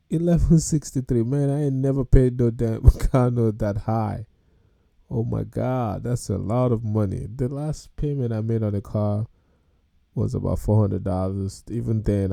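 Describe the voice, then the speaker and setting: A man's voice: lowish voice, fairly even intonation, moderate pace, gravelly, mellow, no room sound, studio quality. A man hosting a podcast, reacting to video clips about car payments with casual, incredulous commentary and laughter. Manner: incredulous, laughs and exclaims at prices.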